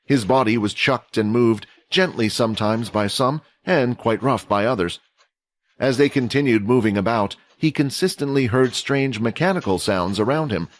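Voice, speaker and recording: A man giving steady scripted narration of a fantasy audio story, doing voices for the characters. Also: mid-range voice, normal speed.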